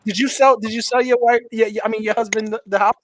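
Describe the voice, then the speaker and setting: A man with a New York accent runs a call-in livestream show. His voice sits high, and he teases his guests while stammering through restarts. A faint hiss runs under the recording. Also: steady tone, quick pace. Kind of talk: casual call-in chat.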